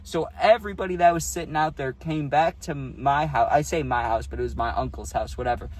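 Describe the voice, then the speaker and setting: A man's voice: a little high, brisk, a little mellow. A man casually telling a story for his vlog, laid-back and slangy, saying "dude" a lot, recorded outdoors on a phone. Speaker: YouTube storyteller. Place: outdoors on a hot day.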